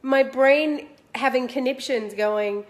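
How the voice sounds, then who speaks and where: An Australian woman in her forties, hosting and telling a personal story in a chatty, animated, self-mocking way. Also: sits high, takes it slowly. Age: 40s. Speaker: host.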